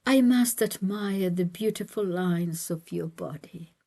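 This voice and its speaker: A woman reading aloud, voicing an ardent young man who keeps pleading with a married woman in a hushed, whispered voice. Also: lowish voice, measured pace. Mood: pleading ardently.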